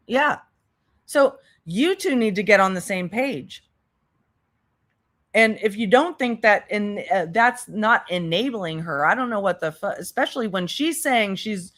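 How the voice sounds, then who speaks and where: A woman's voice: on the high side, fairly bright tone. A woman hosting a reaction commentary, talking in a sarcastic, mocking way. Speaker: commentary channel host.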